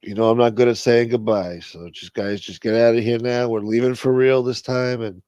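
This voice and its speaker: A man hosting a live stream, his voice sitting at an ordinary middle pitch. He talks casually and rambles loosely, swearing freely as he tells a story. The sound is dry and close, with almost no room around it. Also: steady tone, moderate pace, a little mellow, no echo, dull audio.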